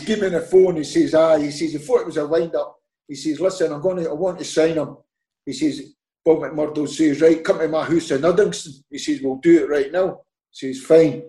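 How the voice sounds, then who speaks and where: A man's voice: on the high side, roomy sound. A man with a Scottish accent, a former footballer telling anecdotes in casual chat and acting out the dialogue. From Scotland. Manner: animated storyteller, acts out quoted dialogue, laughs often. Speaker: podcast guest, former footballer.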